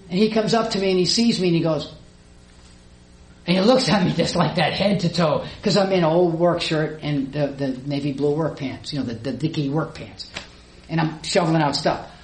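A middle-aged woman giving a personal testimony in a church hall, telling her story with lively acted-out dialogue. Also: fairly low pitch. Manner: animated storyteller who acts out her own past dialogue. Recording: roomy echo, faint background noise.

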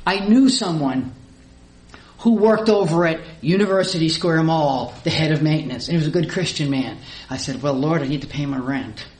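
Middle aged lady telling her church testimony, acts out the dialogue, echoey hall. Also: low voice. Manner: animated storyteller who acts out her own past dialogue. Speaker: church speaker giving a testimony. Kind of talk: personal testimony. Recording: roomy echo, faint background noise.

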